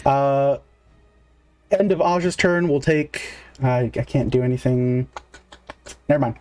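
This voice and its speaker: A man's voice: mid-range voice, steady tone, unhurried, darkish tone. A man narrating as game master in a casual, filler-heavy way, counting moves aloud.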